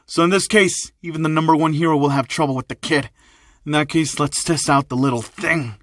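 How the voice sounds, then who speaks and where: A man's voice: a little high, fairly quick, a bit bright, no room sound, clean studio sound, lightly acted. A man doing a scornful gang boss. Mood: menacing. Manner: barking orders, scornful. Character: arrogant, menacing male gang boss.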